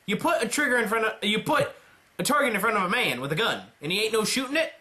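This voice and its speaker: A man's voice: sits high, expressive, fast talker, pushed and bright, voice pushed up. A man doing a scoffing folksy drawler.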